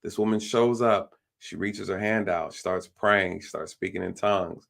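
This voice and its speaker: Gravelly low-voiced man telling a story. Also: normal speed. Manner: animated, acts out the other people's lines; repeats phrases, fills with "you know" and "like". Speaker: police officer telling a story as a guest. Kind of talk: casual storytelling on a live stream.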